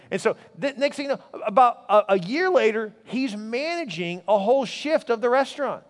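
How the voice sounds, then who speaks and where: A man preaching a sermon as pastor, telling stories in an animated way. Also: moderate pace, few pauses, long reverb tail. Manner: animated storytelling, voice rising high in anecdotes.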